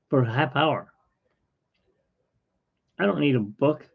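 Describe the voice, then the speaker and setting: A man's voice: mid-range voice, lively intonation, slow pace, gravelly, long pauses, breathy edge, narrow, tinny audio. A man who hosts an art livestream, chatting in a rambling, opinionated way. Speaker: artist, livestream host. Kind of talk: casual livestream chat.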